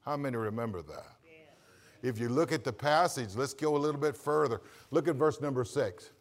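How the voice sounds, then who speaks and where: A man preaching a sermon as pastor, swinging from quiet asides up to loud shouted emphasis and asking the congregation to answer back. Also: mid-range voice, animated, a little fast. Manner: calls for congregation response. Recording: long reverb of a church hall.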